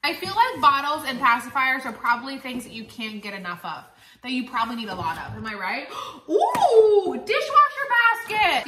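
A young pregnant woman vlogging casually with a bubbly, excitable way of talking. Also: a little high. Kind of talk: casual vlog chat. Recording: echoey room with background noise.

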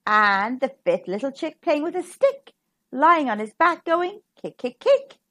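A woman's voice: high voice, lively intonation, a little slow, fairly bright tone. A woman reading a rhyming picture book aloud to children in a sing-song, rhythmic way. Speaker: storybook reader. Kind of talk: children's storybook read-aloud.

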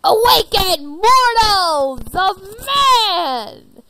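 A woman voicing a grand, eerie male pumpkin spirit who chants slowly, for a fan machinima. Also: sing-song, noisy background, exaggerated voice. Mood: chanting. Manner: slow, drawn-out booming chant.

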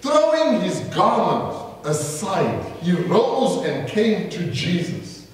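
High-voiced preacher in an echoing hall. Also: male voice, sing-song, slow. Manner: emphatic, dramatic storytelling that acts out the people in the story. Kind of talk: sermon. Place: large church hall. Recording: echoey church hall heard from far off.

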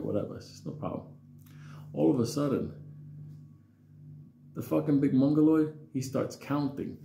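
A man's voice: on the low side, vocal fry, dark tone, a little hiss or hum. A man telling a childhood story in a casual, rambling, profane way with lots of fillers. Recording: roomy echo.

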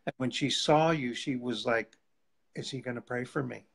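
A guest evangelist tells testimony stories in a casual live chat, laughing often and acting out what people said. His mid-range voice moves at a moderate pace with vocal fry, on poor audio.

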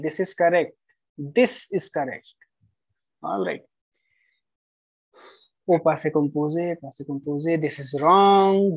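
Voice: mid-range voice, dry recording. A French tutor correcting a student's homework aloud, bluntly marking answers right or wrong, repeating the rules and spelling out letters. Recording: slightly dull lo-fi recording.

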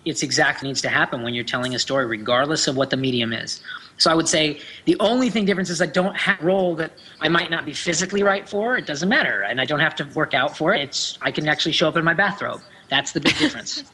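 A man's voice: on the high side, expressive, fast talker, sharp tone, husky. A man in his thirties, a voice actor, chatting playfully and joking in an interview. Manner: playful, jokey, laughs often. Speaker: voice actor guest. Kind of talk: casual interview chat.

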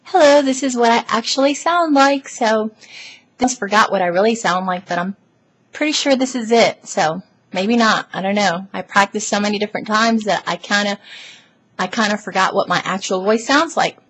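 A woman's voice: mid-range voice, moderate pace, a bit bright, breathy edge, low-quality recording. A woman doing a comic webcam monologue, tired and under the weather, rambling and insisting with mock confusion. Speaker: comedic vlogger. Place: at home in front of a webcam. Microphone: built-in webcam mic.

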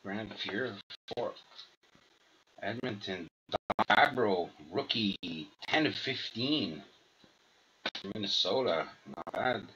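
A man opening packs of hockey cards, slowly reading out each player's name and number. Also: fairly low pitch, animated. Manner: halting, reads names and numbers aloud. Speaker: card collector opening packs. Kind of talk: slow unboxing commentary. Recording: dull lo-fi sound with faint noise.

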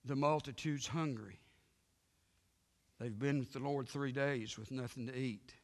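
Emphatic, gravelly-voiced male pastor preaching. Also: medium pitch, measured pace. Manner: emphatic preaching, swinging from loud to hushed, with frequent amens. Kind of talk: sermon. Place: church sanctuary. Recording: reverberant church sanctuary broadcast.

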